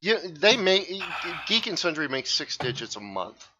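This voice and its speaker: A man's voice: fairly high pitch, very animated, normal speed, sharp tone, lo-fi sound, a little hiss or hum. A man in charge as game master, chatting casually and rambling with restarts during an online session.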